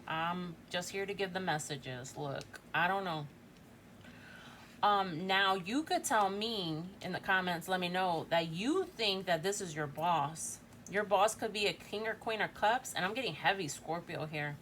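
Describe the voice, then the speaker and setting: A woman's voice: on the low side, a bit bright, a little hiss or hum. A woman in her forties giving a casual tarot reading, chatty and thinking aloud, often tagging lines with "right?". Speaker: tarot reader.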